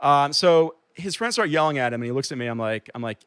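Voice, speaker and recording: A man's voice: a little high, lively intonation, quick pace, fairly bright tone, smooth, no echo. A man telling a personal story casually, rambling with lots of fillers and restarts. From transplant to New York. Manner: rambling, filler-heavy with many likes and restarts.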